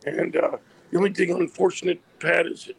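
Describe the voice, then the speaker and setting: A hoarse man, an athletic director, calling in by phone to a radio show from outdoors. He chats casually and often restarts his sentences. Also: high voice, flat delivery, brisk. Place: outdoors by a busy street.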